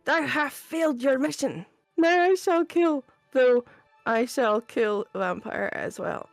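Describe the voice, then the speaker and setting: A woman's voice: high-pitched, animated, slow pace, creaky, no room sound, faint music behind, voice pushed up, exaggerated voice. A woman reading as a mock-sinister wizard villain. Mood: mock menace. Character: evil dark wizard villain, male, menacing. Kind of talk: comedic dramatic reading.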